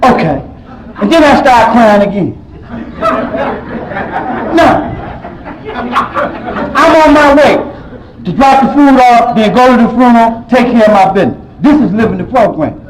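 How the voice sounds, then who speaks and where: A man sharing his personal story at a recovery meeting, telling it with emotion, swinging from loud outbursts to quiet low stretches. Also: lively intonation, a little slow, long pauses, a crowd in the background, low-quality recording. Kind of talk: personal testimony.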